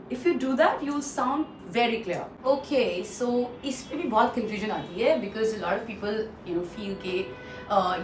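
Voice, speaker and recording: A woman with an Indian English accent teaching English pronunciation in a casual lesson, repeating words slowly and mixing in Hindi phrases. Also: a little high. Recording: echoey room, distant mic, faint noise.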